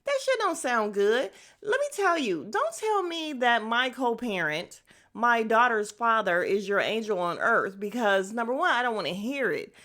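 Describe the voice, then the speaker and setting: A woman's voice: fairly high pitch, sing-song, normal speed, pushed and bright. A woman hosting a podcast and recapping a reality show in casual chat. She is candid and blunt, swears freely, drifts into tangents and addresses her listeners directly. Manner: candid, gossipy and blunt, with frequent profanity; drifts into tangents and self-aware asides to listeners.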